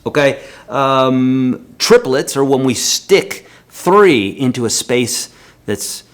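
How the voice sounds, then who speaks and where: A man's voice: medium pitch, animated, slow pace. A man teaching a live-streamed guitar lesson, counting beats aloud in a chatty, encouraging way.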